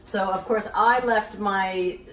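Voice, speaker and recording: A woman's voice: mid-range voice, takes it slowly. Middle-aged female host, theatrical storyteller, roomy distant sound. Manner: acts out voices in her anecdote, lively and theatrical. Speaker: cooking show host. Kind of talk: animated storytelling. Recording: echoey room, voice a bit off-mic.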